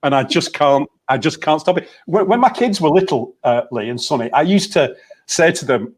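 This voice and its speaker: A man's voice: fairly high pitch, animated, normal speed. A man, a motivational coach in a casual group chat, telling stories and laughing easily over a video call. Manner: chatty storyteller, laughs easily.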